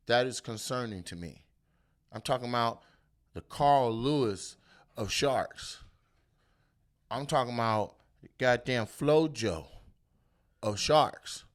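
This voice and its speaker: A male comedian hosting his own show, riffing on the news in a loud, animated, profane rant. His voice is bright and forceful, and he keeps jumping into exaggerated bits. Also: medium pitch. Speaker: comedian host.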